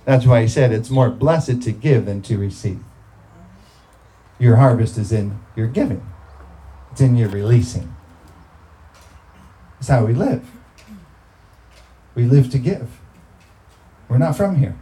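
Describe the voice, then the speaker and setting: Conversational preacher with mellow voice. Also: male voice, mid-range voice, lively intonation, unhurried, pauses often, low-quality recording. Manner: conversational, quoting scripture, rising to emphatic bursts. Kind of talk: sermon.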